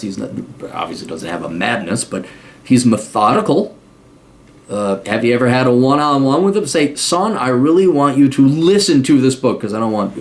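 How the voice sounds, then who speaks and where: Blunt, sarcastic man giving advice. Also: mid-range voice. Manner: blunt, sarcastic, acts out mock quotes. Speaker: podcast host giving advice. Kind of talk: casual advice monologue.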